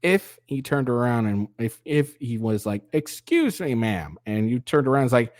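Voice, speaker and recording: A man hosts a reaction commentary, sarcastic and profane. He often mimics other people's voices. His voice sits at a middle pitch and sounds dry and close, with no room echo. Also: sing-song, moderate pace, hardly any pauses. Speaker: commentary channel host.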